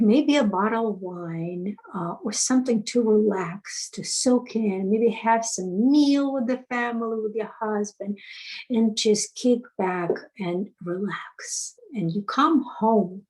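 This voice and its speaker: Slow, deliberate woman coaching. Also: mid-range voice, mellow, rough recording. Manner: storytelling with many fillers and restarts. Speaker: self-help coach. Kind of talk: unscripted teaching talk.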